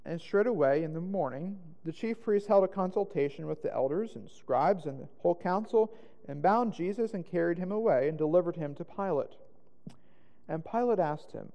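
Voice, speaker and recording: Man, dramatic scripture reading, mellow tone, long hall reverb. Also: a little high, moderate pace, gravelly, highs cut off. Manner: dramatic, rising to loud exclaims on quoted lines.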